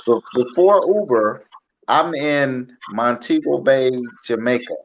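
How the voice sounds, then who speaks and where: A man telling a story in casual chat, animated and acting out the voices of others. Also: mid-range voice, slow. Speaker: podcast host. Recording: dull, slightly lo-fi sound.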